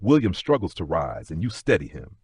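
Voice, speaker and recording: Deep husky male sleep-story narrator. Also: huge pitch swings, no room sound, clean studio sound. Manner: slow, gentle, second-person telling.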